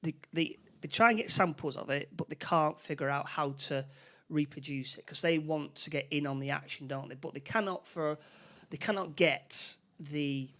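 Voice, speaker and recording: A man's voice: a little high, moderate pace, sharp tone. Chatty rambling podcast man. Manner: rambling, repeats words and restarts often. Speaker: podcast co-host. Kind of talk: casual film chat.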